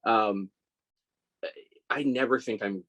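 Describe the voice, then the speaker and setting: A man in his forties talks in a loose, rambling way, circling back and restarting as he tells stories. His voice sits a little low, and he often makes fun of himself. It is a casual, conversational interview. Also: slow, fairly bright tone, poor audio. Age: 40s. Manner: rambling, self-deprecating storyteller with many restarts and laughs. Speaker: scale model maker, guest.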